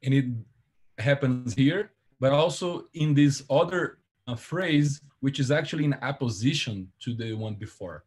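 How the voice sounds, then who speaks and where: Guy giving an academic seminar, bit husky, lots of ums and restarts as he explains. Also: mid-range voice, darkish tone. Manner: careful, halting explanation with frequent fillers and self-corrections. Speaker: seminar presenter.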